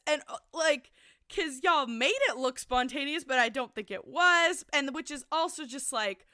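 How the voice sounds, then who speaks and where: A woman's voice: high voice, moderate pace, sharp tone, no echo. A young woman co-hosting a casual book podcast, talking emotionally with lots of "like", close on a popping mic, tearful. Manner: emotional, filler-heavy with frequent "like". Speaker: podcast co-host. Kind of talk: casual book discussion chat. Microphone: close studio mic with pops.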